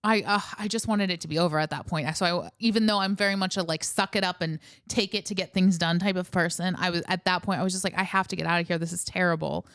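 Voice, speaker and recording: A woman in her thirties co-hosting a podcast, speaking candidly and relaxed in casual chat. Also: on the low side, quick pace, hardly any pauses, smooth, no room sound, clean studio sound. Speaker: podcast co-host.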